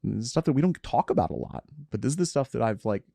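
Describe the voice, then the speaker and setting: A middle-aged man, a podcast guest, telling a personal story in an earnest, candid way, often halting and restarting. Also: mid-range voice, animated, vocal fry, warm tone, no echo, clean studio sound. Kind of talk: reflective conversational storytelling.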